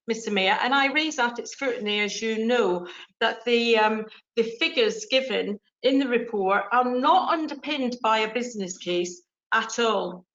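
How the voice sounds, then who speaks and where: A woman's voice: a little high, fairly bright tone. An English woman councillor making an earnest, pointed speech in a council debate, with frequent ums and restarts. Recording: dull lo-fi council chamber audio.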